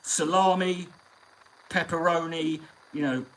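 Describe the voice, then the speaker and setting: A man's voice: fairly high pitch, fairly even intonation, slow pace, fairly bright tone, rough recording. A man hosting a live stream, telling long, profane, rambling stories in casual chat.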